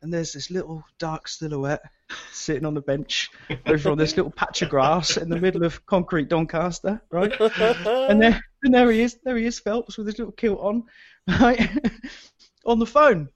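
A man's voice: on the high side, fairly even intonation, moderate pace. A British man telling a drunken night-out story in casual, swearing chat, often laughing. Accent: British English. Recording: dull lo-fi audio.

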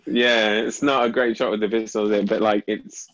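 A man's voice: fairly low pitch, level tone, normal speed, a bit bright, slight background noise. Hesitant man, slightly muffled recording. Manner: hesitant, searching for words with many fillers. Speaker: podcast host, psychologist. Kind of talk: reflective conversation. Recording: slightly dull lo-fi audio.

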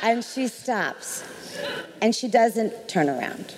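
A woman telling a lively story on a live panel, laughing often and acting out the voices. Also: medium pitch, measured pace, in a large hall, a little hiss or hum. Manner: animated, laughing, acts out voices. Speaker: panel guest. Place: large hall before an audience.

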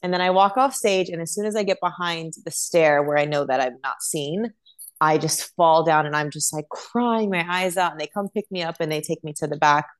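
A young woman with a slightly low voice tells her stories in a lively, chatty way. She talks casually as an interview guest, looking back on life as a dancer on tour. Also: a little fast, clean tone. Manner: chatty, animated storytelling.

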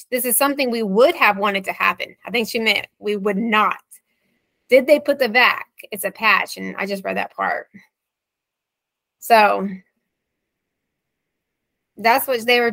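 A woman's voice: medium pitch, measured pace, pauses often, a bit bright, no echo. A woman in her thirties, a guest recounting a bad experience, quoting messages back and forth with a wry, exasperated manner. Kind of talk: interview storytelling.

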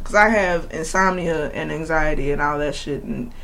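A woman's voice: deep voice, vocal fry. A woman co-hosting a casual, profane chat, telling her own story with animation. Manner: animated, profane, quick to laugh.

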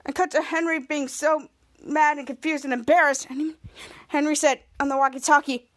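A woman podcast host giving a casual, halting recap of a TV episode, full of restarts and repeats. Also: sits high, steady tone, fairly bright tone, no echo. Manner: halting, repetitive retelling with many restarts.

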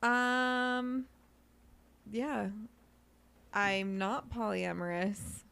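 A woman's voice: fairly high pitch, drawn-out words, gravelly, fairly bright tone, smooth. A young adult woman co-hosting a podcast in casual chat, talking loosely and laughing easily. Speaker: podcast co-host.

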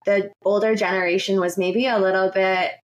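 A woman hosting a casual podcast interview, upbeat and affirming, asking quick questions. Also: medium pitch, level tone, lo-fi sound. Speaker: podcast host.

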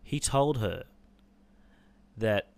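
A man, telling a painful personal story on a podcast in a halting, sombre way, with swearing. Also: fairly low pitch, animated, creaky. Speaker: podcast host.

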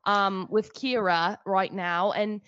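A woman's voice: mid-range voice, steady tone, slow pace, fairly bright tone, clean tone, no echo, highs cut off. A woman doing a playful, rambling impression of a British celebrity man in a put-on British accent. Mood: mock cocky.

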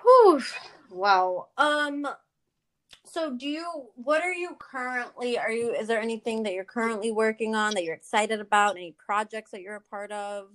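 A young woman of Kurdish background hosting a casual chat, talking easily and softly. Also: fairly high pitch, moderate pace, rough recording. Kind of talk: casual conversation.

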